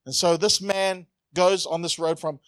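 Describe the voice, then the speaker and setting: Pastor preaching a casual sermon. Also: male voice, high-pitched, steady tone, unhurried, a bit bright, no room sound. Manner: conversational, joking, asks the congregation questions.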